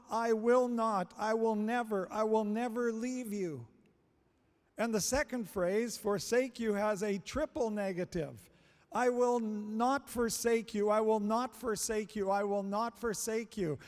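A male preacher delivering a sermon, slow and emphatic, repeating phrases for stress. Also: high voice, darkish tone. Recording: long hall reverb.

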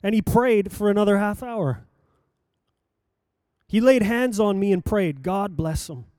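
An older man preaching, telling a personal story in a lively anecdotal way with acted-out quotes. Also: high voice, a little slow, clear, resonant tone, no echo, studio quality. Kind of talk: sermon storytelling.

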